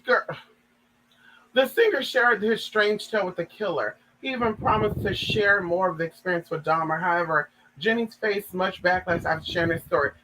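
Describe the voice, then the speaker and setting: A man's voice: high voice, a little fast, few pauses, pushed and bright, slight background noise, poor audio. A man giving sassy, dramatic gossip commentary, reading a story aloud and reacting to it.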